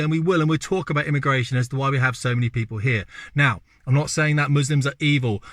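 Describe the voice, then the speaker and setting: A middle-aged Englishman, delivering an opinionated talking-head monologue with forceful repetition and rhetorical questions. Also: a little high, no echo, studio quality. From England. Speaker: video host.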